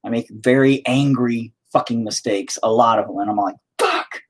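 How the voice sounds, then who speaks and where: A man's voice: mid-range voice, fairly even intonation, moderate pace. A man chatting casually while he paints, rambling, swearing often and talking to himself. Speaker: painting streamer.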